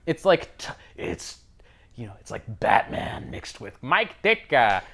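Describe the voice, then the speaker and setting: A man co-hosting a casual film-discussion podcast, animated and laughing often. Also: mid-range voice, unhurried, vocal fry. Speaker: podcast co-host.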